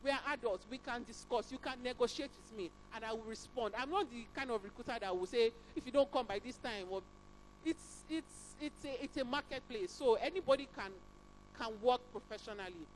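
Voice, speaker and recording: Woman, higher voice, animated career talk, faint hum behind. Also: fairly quick, rough recording. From Nigeria. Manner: animated, acts out dialogues with emphatic pitch jumps. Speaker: HR specialist speaker. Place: career fair event.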